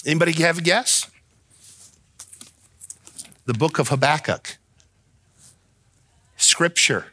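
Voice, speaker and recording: A man preaching from the pulpit with a bright, forceful voice that is fairly high for a man. He swings from slow, low scripture readings to near-shouted outbursts. The sound is close and dry, with hardly any room echo. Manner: emphatic preaching, rising to near-shouts when voicing the prophet. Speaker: pastor. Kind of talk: sermon.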